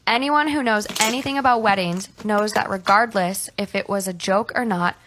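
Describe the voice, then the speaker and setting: A woman's voice: mid-range voice, normal speed. A woman reading a story aloud in a dramatic storytime way. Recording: noisy recording with clicks.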